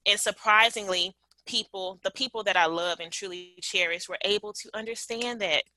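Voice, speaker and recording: A woman's voice: mid-range voice, normal speed, sharp tone, no echo, poor audio. A woman in her late twenties, sharing a personal story as a guest in a candid, reflective way, with frequent fillers and restarts. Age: late 20s.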